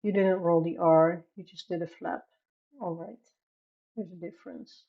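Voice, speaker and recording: A woman's voice: fairly low pitch, steady tone, normal speed, gravelly, narrow, tinny audio. A woman from the Netherlands with a Dutch accent, chatting casually on a coloring live stream, reading chat aloud and laughing often.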